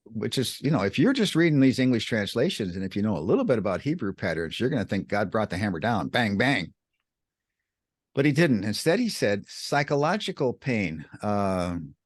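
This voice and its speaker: A man co-hosting a podcast, teaching in an animated, emphatic way, repeating words and jumping up in pitch to stress points. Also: no echo, clean studio sound. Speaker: podcast co-host teaching scripture. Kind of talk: animated explanatory teaching chat.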